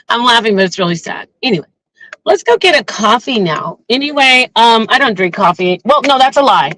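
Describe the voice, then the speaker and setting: A woman hosting a casual live vlog from her car, rambling and animated as she tells a story, recorded on a phone. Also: a little high, fairly quick, low-quality recording. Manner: chatty, rambling, animated retelling. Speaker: livestream host.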